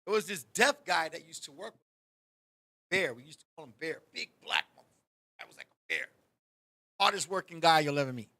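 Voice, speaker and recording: A man's voice: a little high, moderate pace, pauses often. A man hosting a talk show, telling a funny story in a loose, profane way and acting out the people in it. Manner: animated, profane, acts out the people in his story. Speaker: podcast host. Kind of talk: casual storytelling chat.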